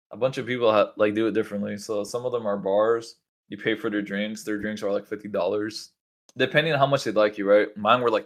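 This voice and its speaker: A young man co-hosting a podcast rambles through stories in a casual chat, full of fillers like "like" and "bro." His voice is on the low side with a fairly bright tone.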